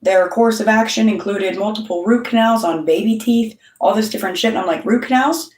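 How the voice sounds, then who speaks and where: A woman's voice: mid-range voice, a little fast, a little mellow, distant mic. A middle-aged woman, the channel's host, telling a story straight to camera in a blunt way, swearing often and quoting other people. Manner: blunt, heavy swearing, storytelling with quoted voices. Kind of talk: casual monologue to camera. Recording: roomy sound, voice off-mic.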